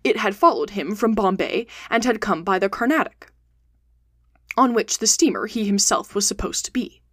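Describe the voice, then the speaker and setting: A woman podcast host reading a classic adventure novel aloud in steady, clear audiobook narration. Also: medium pitch, normal speed, dry recording, studio quality.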